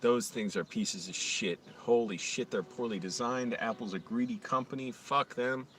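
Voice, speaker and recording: A man's voice: mid-range voice, steady tone, moderate pace, a bit bright. Young guy ranting and cursing on a stream, sarcastic, a bit far off the mic. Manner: profane, rambling, sarcastic mock voices. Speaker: live streamer. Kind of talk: casual ranting monologue.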